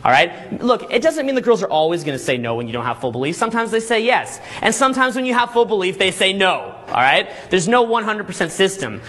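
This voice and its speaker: A man coaching a live seminar group, talking energetically and checking in constantly with "okay?" and "all right?", sometimes acting out quick scenes. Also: high voice, very animated, bright, forceful tone. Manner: acts out little scenes in quick put-on voices. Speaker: dating coach and boot camp instructor.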